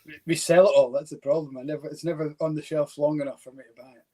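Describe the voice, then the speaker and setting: A man's voice: a little high, steady tone, fast, warm tone, breathy edge. A man hosting a whisky shop livestream, teasing his co-hosts with dry humour. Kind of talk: casual chat on a livestream.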